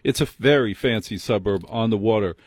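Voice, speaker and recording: A man's voice: lowish voice, a little fast, slightly rough, no room sound, clean studio sound. A man hosting a late-night call-in radio show, wry and self-mocking as he chats with callers. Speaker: radio talk show host. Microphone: studio microphone.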